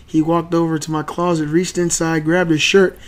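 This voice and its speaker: A man hosting a channel, telling a family story casually and acting out the quoted lines loudly. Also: on the high side, level tone, normal speed. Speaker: channel host and father.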